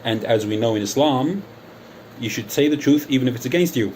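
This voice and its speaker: A man hosting his own channel, launching into a combative callout with a taunting, emphatic edge. He stretches out key words for drama, his voice sitting at a middling pitch, and there is a faint hum behind him. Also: expressive, a little fast, a little mellow. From United Kingdom. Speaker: channel host. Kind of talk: angry callout monologue. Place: Athens, Greece.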